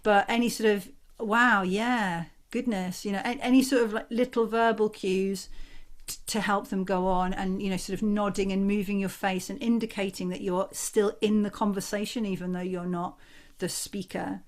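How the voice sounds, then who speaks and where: A woman from the north of England with a Northern English accent, a communication coach giving an expressive, conversational workshop talk over a video call. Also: medium pitch, moderate pace. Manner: expressive, conversational, acts out examples.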